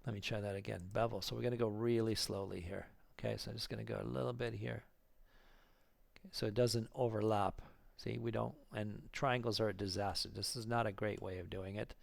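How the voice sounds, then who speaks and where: A man teaching 3D modelling in a screen-recorded tutorial, thinking aloud, counting clicks under his breath and getting excited at the results. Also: on the low side, fairly quick, gravelly, no echo. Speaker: 3D modelling instructor.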